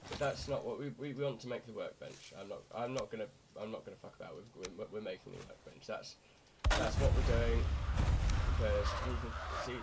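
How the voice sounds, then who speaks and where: A young man from Britain, hoarse and croaky from a night of drinking, rambling crudely through casual gameplay commentary. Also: medium pitch, a little fast. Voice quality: raspy, croaky. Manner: rambling, crude, self-mocking. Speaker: gamer. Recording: loud background noise.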